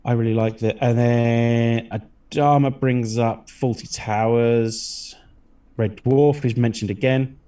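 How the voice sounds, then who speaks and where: A man's voice: medium pitch, steady tone, slow pace, warm tone, clear, resonant tone. Enthusiastic man, away from mic. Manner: enthusiastic, swears casually. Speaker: podcast co-host. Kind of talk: casual podcast chat. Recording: voice a bit far from the mic.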